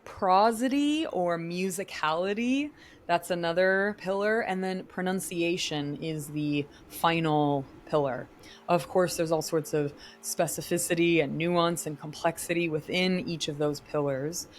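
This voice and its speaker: A woman's voice: fairly low pitch, slight background noise. A woman who works as an actor and vocal coach, answering podcast interview questions in an articulate, explanatory teaching tone.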